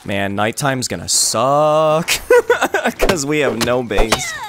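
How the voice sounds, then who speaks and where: A man giving excited, rambling commentary while playing a survival game with friends. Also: medium pitch, slow pace, background noise. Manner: rambling, jumpy, shrieks and laughs when attacked. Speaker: gaming channel host.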